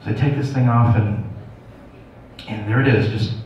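A man's voice: lowish voice, fairly even intonation, moderate pace, slight background noise. Profane male comic in an echoey room. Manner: profane, self-mocking storytelling. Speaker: stand-up comedian. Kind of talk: stand-up storytelling. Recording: echoey room, distant dull mic.

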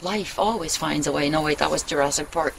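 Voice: medium pitch, fairly quick, vocal fry, background noise. A vlogger in a casual, rambling personal chat who talks candidly, swears freely and laughs often, recorded outdoors on a handheld phone. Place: outdoors in a meadow, sitting on a wooden bench.

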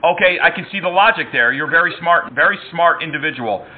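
Prank-call host, man with a slightly high voice, mock-earnest, tinny phone sound. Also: brisk. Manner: calm, mock-earnest, drops broken Hindi words. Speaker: prank caller and show host.

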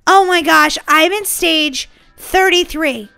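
A woman's voice: high-pitched, animated, a little slow, sharp tone, faint music behind. A woman hosting a gaming channel, giving bubbly, giggly, silly let's-play commentary.

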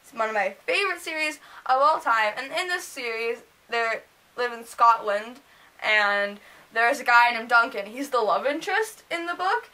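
High, bright-voiced gushing teen girl. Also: moderate pace. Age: teens. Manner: gushing, excitable, often acts out the characters in squeals. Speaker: book reviewer. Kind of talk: casual book review vlog.

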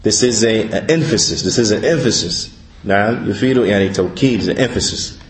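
Man interpreting a religious lesson, roomy. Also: fairly low pitch. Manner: deliberate, repeats each point.

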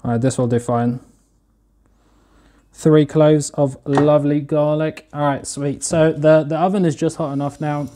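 A man's voice: a little high, fairly even intonation, unhurried, mellow, poor audio. Laid-back young man, slangy. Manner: laid-back, slangy, chats to viewers while cooking. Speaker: streamer. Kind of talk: casual cooking livestream chat.

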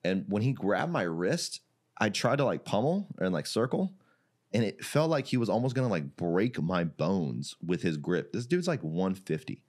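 A low-pitched Iraqi man speaking at normal speed tells a story on a podcast, where he's a guest because he owns a jiu-jitsu gym. He keeps it casual and animated, laughing frequently, swearing, and saying "like" a lot.

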